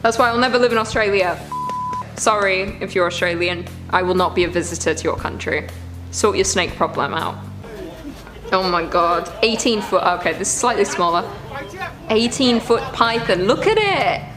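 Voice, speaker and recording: Squeamish woman reacting with loud groans. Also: medium pitch, fairly even intonation, moderate pace, music in the background. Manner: squeamish, exclaiming, rambling. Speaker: reaction video host. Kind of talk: casual reaction commentary.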